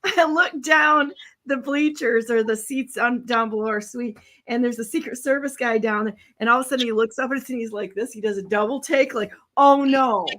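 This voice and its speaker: A woman hosting a talk show, telling a story in a lively, casual way, laughing often and acting out what other people said. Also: on the high side, fairly quick. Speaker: show host.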